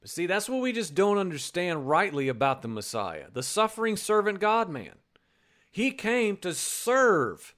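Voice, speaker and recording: Guy preaching a sermon, kinda high voice, chatty, acts out the quotes. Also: sing-song, moderate pace, few pauses, a bit bright. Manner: conversational, repeats words, acts out quotes.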